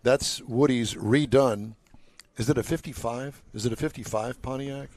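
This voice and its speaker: A man's voice: medium pitch, moderate pace, darkish tone, dry recording. A man in his sixties hosting a casual live show at an outdoor car show, joking and rambling between announcements. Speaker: show host.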